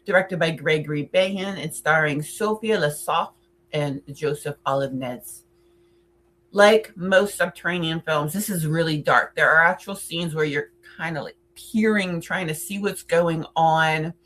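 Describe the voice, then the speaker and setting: Slow, bright-voiced woman reviewing horror films. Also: deep voice. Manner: playful and chatty, with theatrical asides. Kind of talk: casual film countdown chat.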